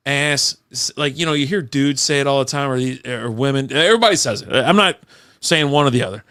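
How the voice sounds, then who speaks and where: A man's voice: mid-range voice, expressive, fairly quick, fairly bright tone, no room sound, studio quality. Rambling, profane man podcaster. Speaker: podcast host. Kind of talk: casual chat over beers.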